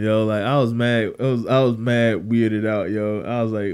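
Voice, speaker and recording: A young man co-hosting a casual wrestling podcast, telling stories with lots of slang and swearing, his voice climbing high when he's incredulous. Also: normal speed, hardly any pauses, smooth. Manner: animated storyteller, swears freely, rises high when incredulous. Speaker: podcast co-host.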